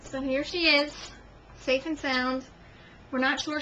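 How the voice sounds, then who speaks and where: A young woman vlogging at home, telling a long story to the camera in an animated, self-mocking way. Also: high voice, measured pace, dull audio, slight background noise.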